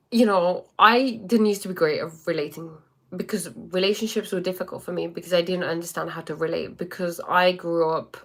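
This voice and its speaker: A woman with a fairly low-pitched voice talks casually on a livestream. She rambles loosely, with many fillers and restarts, and keeps turning to answer viewers' comments as she goes. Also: fairly bright tone. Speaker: life coach.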